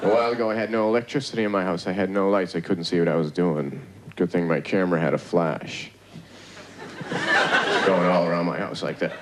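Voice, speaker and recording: Very low deadpan male comedian. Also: a little fast. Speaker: stand-up comedian. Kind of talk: stand-up one-liners. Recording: loud hiss on old tape.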